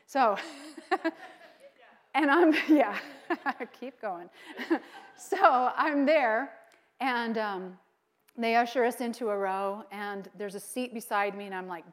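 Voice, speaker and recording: A middle-aged woman pastor preaches a sermon built around a personal story, acting out quotes with energy and laughing often. Her voice is fairly high, her pace slow, and she leaves long pauses.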